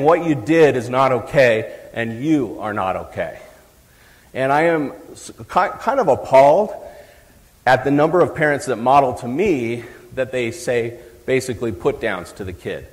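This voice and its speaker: A middle-aged man giving a live talk on parenting to an audience, chatty and joking with the crowd. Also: medium pitch. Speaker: psychologist speaking at a parenting event. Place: large hall, live event. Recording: long hall reverb.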